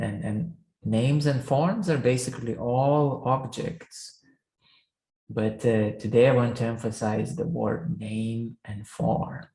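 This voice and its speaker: A man giving a spiritual teaching talk as a meditation teacher, speaking haltingly with many restarts and fillers. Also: mid-range voice, creaky, mellow, echoey room, rough recording. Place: room.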